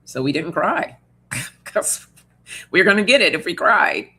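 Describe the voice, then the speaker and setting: A woman's voice: on the low side, lively intonation, a little slow, bright, forceful tone, a little hiss or hum. A woman hosting an oracle card reading livestream in casual chat, reading out viewer comments, reassuring and laughing often. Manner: chatty and reassuring, laughs often, many fillers.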